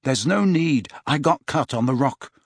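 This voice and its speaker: A man's voice: very animated, a little slow, bright, forceful tone, breathy edge, no room sound, clean studio sound, exaggerated voice. Harry Potter, anxious and panting, read by a man. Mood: urgent, anxious. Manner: urgent, breathless, raised in pitch. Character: anxious teenage boy wizard, loyal and urgent. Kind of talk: audiobook character voice.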